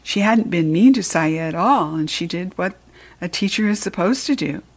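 Expressive woman reading a storybook aloud. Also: lowish voice, normal speed. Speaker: storybook reader. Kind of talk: storybook narration, first person.

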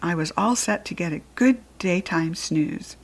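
A woman reading a children's story aloud in the first person, in a lively, expressive and playful way. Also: fairly low pitch, measured pace. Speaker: audiobook reader.

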